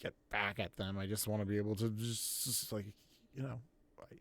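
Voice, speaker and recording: A man's voice: fairly low pitch, fairly even intonation, normal speed, no echo. A man voicing a shy spider-loving boy. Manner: soft, hesitant, stammering. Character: shy young boy who loves spiders.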